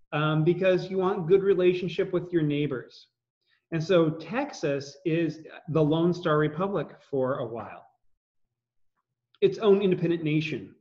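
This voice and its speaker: A man's voice: on the high side, darkish tone, lo-fi sound. A man teaching a history class in a chatty, joking way, with many fillers and asides to students. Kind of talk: classroom lecture.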